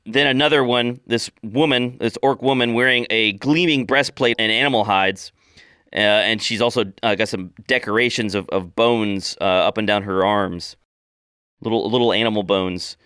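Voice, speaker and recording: A man narrating as game master of a tabletop game, describing scenes in a relaxed way with frequent fillers. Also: fairly low pitch, moderate pace, clear, resonant tone, no room sound, studio quality.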